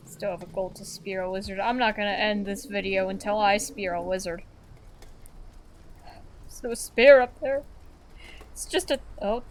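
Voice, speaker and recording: A young woman commenting on a video game as she plays, excitable, chanting and shrieking at the screen. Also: mid-range voice, normal speed, long pauses, faint music behind, low-quality recording. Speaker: gamer. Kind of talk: let's-play commentary.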